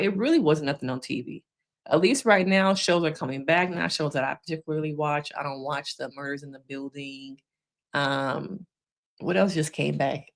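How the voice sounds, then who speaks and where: A woman, a therapist giving opinionated, chatty live commentary on a TV series and often checking in with "okay?". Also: deep voice. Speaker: therapist reviewing TV shows.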